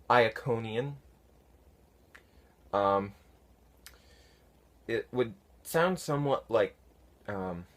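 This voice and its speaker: A man casually answering viewer comments, unhurried and halting, with many fillers. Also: fairly low pitch, expressive. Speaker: fan conlang vlogger answering comments. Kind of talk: casual talk to camera.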